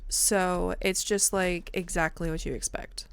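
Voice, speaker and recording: A woman's voice: fairly low pitch, fairly even intonation, a little slow, smooth. A woman streamer chatting casually about her role-play character, rambling and laughing often.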